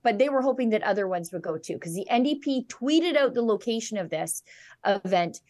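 A woman's voice: medium pitch, animated, fairly quick, darkish tone. A woman on a political panel, chatting and speculating casually.

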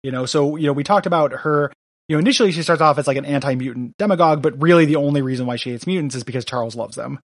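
A man's voice: a little high, racing, no room sound. Casual rambling man on a dry mic. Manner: rambling, many fillers, reads villain lines aloud. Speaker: podcast co-host. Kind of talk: casual comic book discussion.

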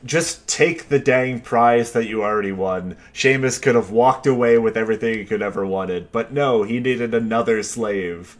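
A man's voice: mid-range voice, normal speed, hardly any pauses. A man co-hosting a podcast, talking about a movie in a joking, playful way. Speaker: podcast co-host. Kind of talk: casual chat.

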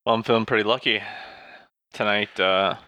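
Joking man with a low, bright voice. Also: fairly even intonation, normal speed, no room sound, highs cut off. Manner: joking, playful. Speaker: player. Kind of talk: tabletop game chat.

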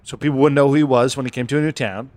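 A man's voice: mid-range voice, fairly even intonation, very fast, darkish tone, no echo. A man co-hosting a podcast, telling a story in a rambling, crude, joking way with sudden put-on voices. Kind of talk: casual comedic storytelling.

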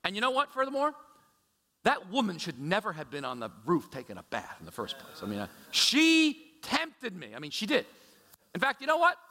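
A man's voice: sits high, huge pitch swings, brisk, bright, forceful tone, pitched above the performer's own voice, heavily acted. A man voicing a defensive ancient king who whines and makes excuses in an indignant voice. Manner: whiny, indignant, rising to exclaim. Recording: echoey large hall.

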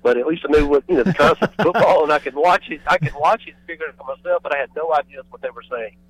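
A man's voice: a little high, lively intonation, very fast, a bit bright, slightly rough, no room sound, low-quality recording. A man calling in to a radio show, talking casually and hesitantly with many fillers. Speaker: caller. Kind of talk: casual call-in chat. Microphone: phone.

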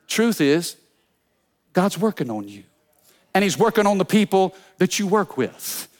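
A man preaching a sermon as pastor, energetic, telling funny stories and calling out to the congregation. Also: high-pitched, measured pace. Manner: energetic preaching with call-and-response; storytelling with humor.

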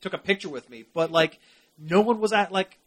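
A man's voice: sits high, brisk. A man co-hosting a casual radio show, rambling with lots of fillers and restarts.

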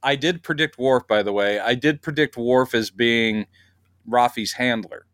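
A man's voice: medium pitch, unhurried, a bit bright, no room sound, studio quality. A man co-hosting a podcast, chatting casually and animatedly, acting out quotes and swearing now and then. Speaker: podcast co-host. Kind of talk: casual chat.

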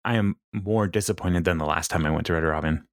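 A man co-hosting a podcast, recapping a sitcom in a relaxed chat, laughing often and quoting characters in animated voices. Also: deep voice, fast talker, no room sound, studio quality. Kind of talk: casual chat.

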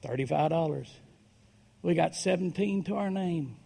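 A man preaching a story-driven sermon, dropping to a hush and then rising to loud, dramatic swells. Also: fairly high pitch, normal speed, creaky, husky. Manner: dramatic, swings from hushed to shouting.

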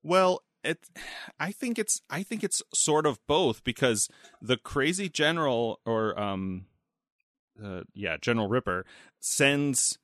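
A man in casual podcast conversation about a film, lively and acting out lines from scenes. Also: mid-range voice, dry recording, clean studio sound. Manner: animated, acts out movie lines in quick voices.

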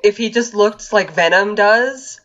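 A woman co-hosting a podcast in casual chat, laughing often and mimicking characters in a squeaky voice. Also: a little slow, a bit bright, lo-fi sound. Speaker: podcast co-host.

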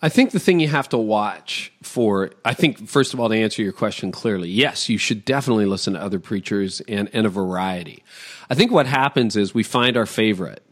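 A middle-aged pastor from Toronto speaks in a podcast interview. His pitch swings widely as he stresses his points, and he lays out his advice in quick, emphatic lists. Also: animated. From Toronto, Canada.

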